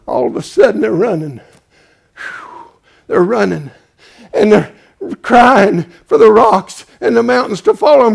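Man, preacher, high gravelly voice, folksy, hushed then shouting. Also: animated, measured pace, long pauses. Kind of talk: sermon.

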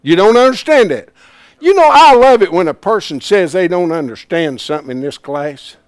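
A man teaching a Bible class in a folksy, plain-spoken way, swinging from hushed asides to loud emphasis. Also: high voice, expressive, normal speed, dry recording.

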